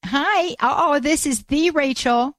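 A woman's voice: sits high, a bit bright, no room sound. Earnest woman radio host praying aloud. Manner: earnest, halting, repeats "Father God". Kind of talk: prayer and call-in radio talk.

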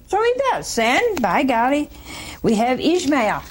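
A woman preacher giving a folksy, animated sermon, throwing rhetorical questions at her listeners. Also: high-pitched, a little slow, a little hiss or hum.

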